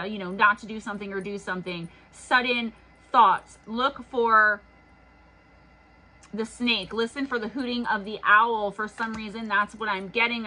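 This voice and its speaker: A woman's voice: mid-range voice, sharp tone, rough recording. A woman giving an intuitive tarot reading in an earnest, urging way, her voice worn from reading all day. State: losing her voice. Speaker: tarot reader.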